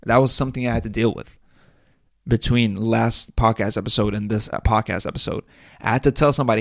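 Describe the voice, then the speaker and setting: A man's voice: lowish voice, fairly even intonation, brisk, gravelly, no room sound, clean studio sound. A young man hosting a solo podcast, rambling and crude, laughing at his own jokes. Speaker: podcast host. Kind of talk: casual solo podcast rant.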